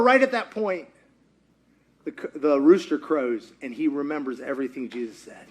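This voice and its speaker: A man preaching a sermon, retelling a story in a lively conversational way and acting out the characters' lines. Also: a little high, moderate pace. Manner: acts out quotes in character voices, lively and conversational. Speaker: pastor.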